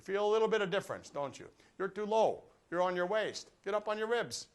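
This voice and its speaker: A man's voice: high voice, a little fast, few pauses, a bit bright. An older man teaching a brass master class, leading students through breathing exercises with jokes and direct coaching. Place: classroom or rehearsal room with a live audience.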